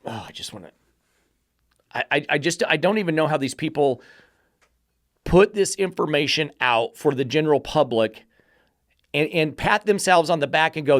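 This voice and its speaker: A man with a fairly high voice rants on his dog-training podcast, sarcastic and exasperated, cursing as he tears into an article. The sound is dry and close, with no room around it. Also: expressive, normal speed, long pauses, no echo. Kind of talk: podcast rant reviewing an article.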